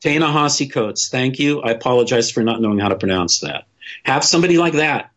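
A man's voice: medium pitch, lively intonation, quick pace, fairly bright tone. A man talking in a casual podcast discussion, opinionated and blunt, swearing freely and restarting his sentences often.

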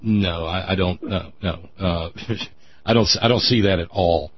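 A man's voice: low-pitched, measured pace, dull audio, a little hiss or hum. A man with a West Virginian accent hosting a call-in radio talk show, talking in a wry, drawling way that thinks aloud with restarts.

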